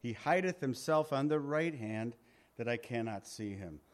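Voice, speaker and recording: A man's voice: mid-range voice, lively intonation, moderate pace. A male pastor teaching a Bible passage in a conversational sermon, reading scripture aloud and paraphrasing it.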